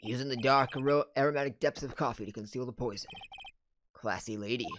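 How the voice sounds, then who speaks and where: A player voicing a cool, sardonic male prosecutor in a game, speaking low and mocking. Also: brisk, a bit bright, slight background noise, natural voice. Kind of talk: reading game dialogue aloud.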